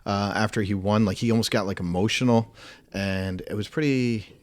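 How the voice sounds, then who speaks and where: A middle-aged man co-hosting a casual sports talk show, relaxed and rambling, teasing his co-host. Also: on the low side, normal speed, no room sound.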